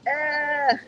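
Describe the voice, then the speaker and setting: A woman's voice: high voice, bright, forceful tone, lo-fi sound. A woman, live-streaming a casual, playful walk through a theme park gift shop and talking straight to her viewers.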